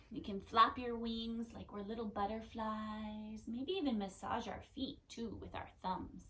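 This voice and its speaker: High-voiced woman leading kids yoga. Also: low-quality recording. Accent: Californian. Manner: gentle, playful, encouraging. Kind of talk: guided kids yoga class.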